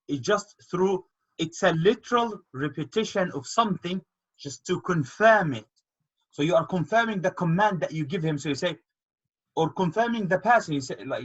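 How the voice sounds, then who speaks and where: Teacher type, patient explainer, slightly high husky voice, muffled call sound. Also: male voice, fairly bright tone. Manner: patient, explains with repeated examples. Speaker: Arabic teacher. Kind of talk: online grammar lesson. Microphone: video call. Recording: dull lo-fi call audio.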